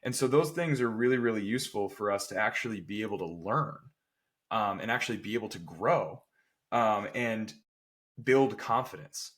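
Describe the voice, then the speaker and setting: A man's voice: on the low side, animated, moderate pace, fairly bright tone. A man who works as a strength coach, talking casually on a podcast, emphatic and often checking in with "right?". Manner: acts out people's quotes with playful voices.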